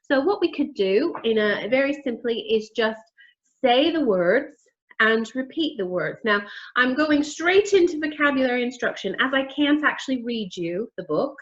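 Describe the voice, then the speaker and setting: A woman training teachers, modelling words and questions for young children in a clear, expressive teacher voice. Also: a little high, moderate pace, muffled recording. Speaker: literacy trainer.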